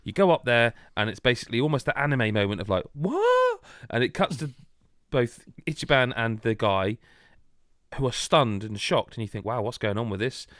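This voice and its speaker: A British man hosting a casual podcast, retelling a game story with animated energy and laughing asides. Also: medium pitch, a little fast, no echo, studio quality. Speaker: podcast host. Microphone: remote video call.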